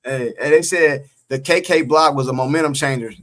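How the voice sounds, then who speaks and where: A man's voice: fairly high pitch, normal speed, a bit bright. Emphatic man hosting a sports stream. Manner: emphatic, repeats phrases, teasing. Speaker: sports talk co-host. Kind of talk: casual post-game sports talk, reading chat.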